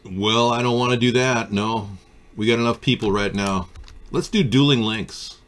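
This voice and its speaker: A man's voice: medium pitch, fairly even intonation, normal speed. A man hosting a live political talk stream, riffing sardonically on viewer comments. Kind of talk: casual political chat.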